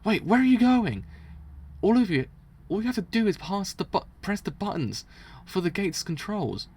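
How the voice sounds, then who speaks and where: Guy doing a cold scheming priest villain from a manga, gravelly, counts primes under his breath. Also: high-pitched, moderate pace, voice pushed up, heavily acted. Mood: frantic, indignant. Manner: muttering, counting prime numbers to steady himself. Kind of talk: reading manga aloud with voices.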